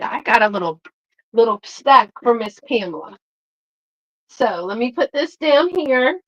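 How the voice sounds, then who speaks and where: Slow-talking chatty woman. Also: mid-range voice, a bit bright, rough recording. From Texas. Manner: folksy, chatty, greets viewers by name. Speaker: live sale host. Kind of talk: chatty live sale selling.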